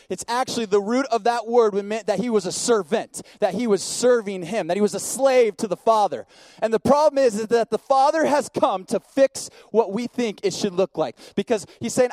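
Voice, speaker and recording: A pastor preaching a sermon, retelling a story in a repetitive cadence, dropping to hushed tones and then rising to shouting. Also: male voice, very high voice, moderate pace, dry recording, studio quality.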